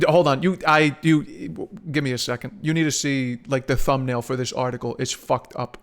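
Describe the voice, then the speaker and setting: A man's voice: fairly high pitch, little pitch movement, normal speed, hardly any pauses. A young man chatting casually on a live stream, rambling, swearing and laughing often.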